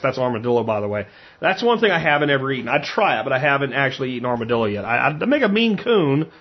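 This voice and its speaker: Man, from Pennsylvania, hunter, husky, rambling, frank storyteller, dull muffled sound. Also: a little high. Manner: rambling, frank, repeats words often. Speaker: hunter and cook. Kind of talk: casual storytelling.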